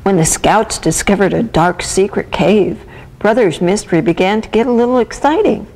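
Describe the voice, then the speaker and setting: A woman reads a children's picture book aloud in a gentle, expressive storytelling voice. Her voice sits at an ordinary middle pitch, and she paces her reading for young listeners. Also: moderate pace, a little hiss or hum, low-quality recording. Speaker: volunteer reader.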